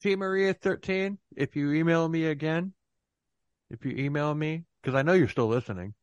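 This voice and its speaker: A man hosts a relaxed true-crime podcast conversation. His voice sits a bit high for a man and sounds close and dry. He keeps slipping in deadpan sarcasm and breaks into laughs. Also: normal speed, smooth, no echo, dull audio. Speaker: podcast host. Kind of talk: casual podcast chat.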